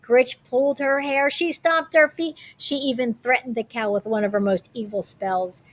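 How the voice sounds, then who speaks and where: A woman's voice: a little high, moderate pace. Woman reading a picture book aloud. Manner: animated, adds playful comments on pictures. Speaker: storybook reader.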